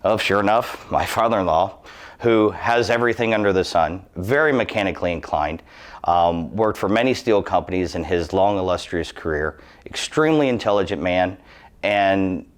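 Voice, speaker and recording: In his thirties, this employee delivers a personal safety testimonial in a deep voice with lively intonation at a moderate pace. His manner is earnest, emphatic and cautionary.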